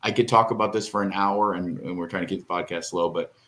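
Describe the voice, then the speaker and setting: A man's voice: low voice, steady tone, quick pace, a bit bright. A middle-aged man co-hosting a podcast, telling a long, rambling, emotional story in casual chat and tearing up. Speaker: podcast co-host.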